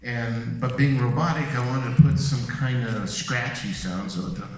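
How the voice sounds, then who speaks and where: An older voice actor on a convention panel, telling stories in an animated, rambling way and slipping into voices. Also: male voice, mid-range voice, moderate pace. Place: large convention hall. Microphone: handheld mic, filmed from the audience. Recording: echoey hall, distant camera, faint noise.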